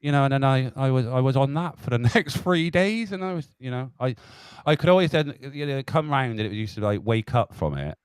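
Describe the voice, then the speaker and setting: Man telling a lively story, dry sound. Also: medium pitch, a little fast, hardly any pauses, clean tone, dry recording. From England. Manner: animated, laughing, swearing storyteller. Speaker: protester chatting. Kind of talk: casual storytelling.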